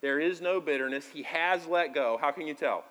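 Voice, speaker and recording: A man preaching a sermon as pastor, talking conversationally and moving between quiet asides and loud, emphatic lines. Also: on the high side, normal speed. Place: church sanctuary.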